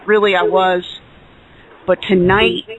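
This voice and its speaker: Male co-host, opinionated, high pitch, fed-up tone. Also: little pitch movement, slow, highs cut off. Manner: opinionated, exasperated. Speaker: podcast co-host. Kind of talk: casual wrestling chat.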